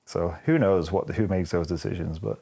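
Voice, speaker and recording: A man's voice: low-pitched, moderate pace, gravelly, breathy edge. A man from the United Kingdom co-hosting a casual film podcast, joking and laughing often. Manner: laughs often, animated, jokey asides. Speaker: podcast co-host.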